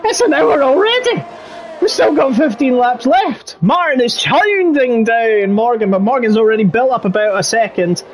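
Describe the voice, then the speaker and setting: A man giving live commentary on a sim racing league, getting excitable when the battles get close. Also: extremely high pitch, measured pace, pauses often, raised voice. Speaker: race commentator.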